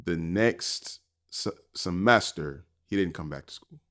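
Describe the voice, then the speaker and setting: A man's voice: low voice, unhurried. A middle-aged man, a guest on a podcast, telling a story with lots of energy, acting out the people in it and laughing often. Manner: lively storyteller, acts out voices, laughs often. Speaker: podcast guest, finance professor. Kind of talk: animated storytelling.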